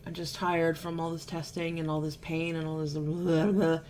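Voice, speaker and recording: A woman's voice: low voice, little pitch movement, moderate pace, a little mellow, a little hiss or hum. A woman vlogger telling a story casually to camera, chatty and sarcastic, still a bit unwell.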